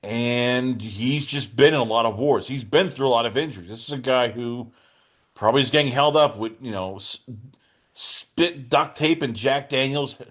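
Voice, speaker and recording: A man's voice: medium pitch, normal speed, fairly bright tone. A man hosting a podcast in casual chat, teasing his guest and slipping into mock-outraged quotes. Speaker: podcast host.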